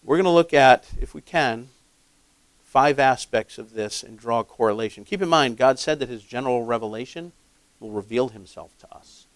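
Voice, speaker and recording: A man preaching a sermon in a conversational way, asking his listeners questions and growing loud and emphatic on key points. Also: medium pitch, normal speed, no room sound, rough recording. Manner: conversational, asks the audience questions; grows emphatic and loud when stressing points.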